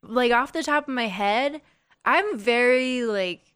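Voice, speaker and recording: A woman's voice: a little high, slow, a bit bright, clear, resonant tone, no echo, studio quality. A young woman, a singer, chatting casually as a podcast guest, laughing often and filling with "like" and "um".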